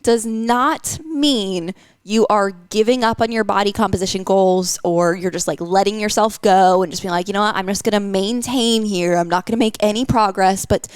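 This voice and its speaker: A woman's voice: medium pitch, normal speed, clean tone, no room sound, studio quality. Chatty woman coaching on nutrition. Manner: chatty, lots of fillers. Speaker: nutrition coach, podcast host. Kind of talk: casual podcast chat.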